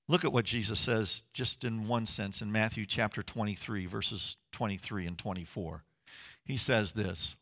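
A man's voice: lowish voice, normal speed, gravelly, fairly bright tone. A middle-aged man preaching a sermon as pastor, earnest and conversational, with emphatic rises.

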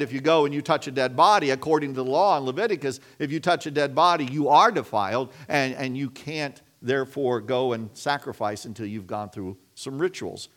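A man's voice: mid-range voice, fairly bright tone. A middle-aged man preaching a sermon in a conversational way, often repeating and restarting his words. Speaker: pastor.

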